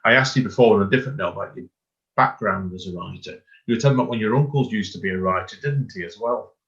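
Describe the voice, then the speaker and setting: A man's voice: fairly low pitch, fast talker, a bit bright. A man hosting an interview, chatty and encouraging, asking rambling questions. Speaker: host. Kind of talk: casual interview chat. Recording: dull lo-fi audio.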